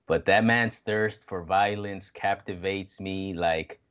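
A man co-hosting a podcast in casual, profane, animated chat. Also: low-pitched, slow, clear, resonant tone, dull audio. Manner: profane, animated, acts out quotes in put-on voices. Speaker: podcast co-host.

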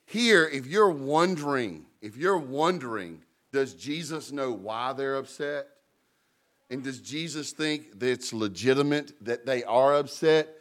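A man preaching in a church, telling stories and paraphrasing scripture in a relaxed, conversational way. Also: mid-range voice, unhurried. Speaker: pastor. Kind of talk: sermon.

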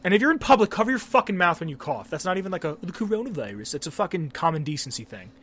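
A young man from Pennsylvania co-hosting a casual podcast, rambling and excitable and swearing a lot. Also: high-pitched, rapid-fire. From Pennsylvania, USA. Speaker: podcast co-host.

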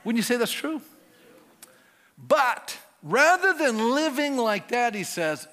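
A Canadian pastor delivers a sermon in a lively, conversational style, repeatedly posing questions to his congregation. He speaks slowly in a high, bright voice whose pitch swings widely. The sound carries the long hall reverb of a church sanctuary.

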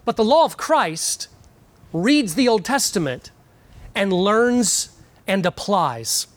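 A man's voice: sits high, very animated, no echo. Earnest preacher man, dry sound. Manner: earnest, repeats key words for emphasis; pauses with frequent fillers. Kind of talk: sermon.

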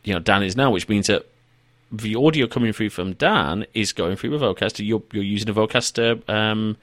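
A man's voice: on the low side, moderate pace, a bit bright, dry recording. A man hosting an online interview, chatty and adding enthusiastic asides. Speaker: podcast host. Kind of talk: conversational interview.

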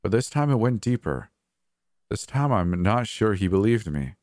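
A man's voice: fairly low pitch, very animated, normal speed, a little mellow, no echo, clean studio sound. A man narrating a first-person horror story in an anxious, hesitant manner.

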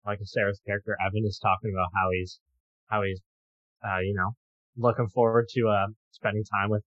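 Young male co-host, thoughtful casual film chat, mid pitch, muffled lo-fi dry recording. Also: little pitch movement, brisk, fairly bright tone, no room sound. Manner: earnest and thoughtful, many ums and restarts. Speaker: podcast co-host. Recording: dull, lo-fi dry sound.

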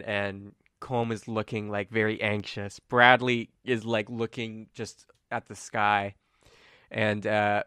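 A man runs a tabletop game, his voice low and smooth. The sound is dry and close, and he narrates in a loose, easygoing way, full of ums and uhs. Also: dry recording. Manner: relaxed storytelling with many fillers. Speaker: game master.

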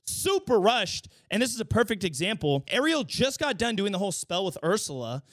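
A man hosting his podcast, giving a casual, animated movie review with swearing, his voice getting hoarse. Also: sits high, brisk, dry recording, studio quality. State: losing his voice. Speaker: podcast host.

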